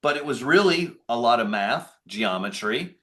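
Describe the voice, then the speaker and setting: A man with a middle-pitched voice speaking as a podcast guest. He talks in a loose, conversational way, rambling and restarting as he goes. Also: animated, normal speed, sharp tone. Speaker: podcast guest, business owner. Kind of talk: casual interview talk.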